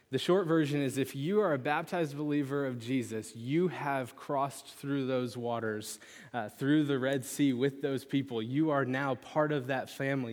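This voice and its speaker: A young man preaching a sermon, telling a lively personal story with animated pitch swings before turning to scripture. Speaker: pastor. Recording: long reverb of a large hall.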